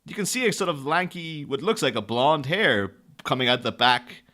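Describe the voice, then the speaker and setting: A man's voice: mid-range voice, animated, normal speed, bright, forceful tone. A man co-hosting a podcast, talking about a film in a rambling, jokey way with plenty of laughs. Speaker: podcast co-host. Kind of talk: casual film chat.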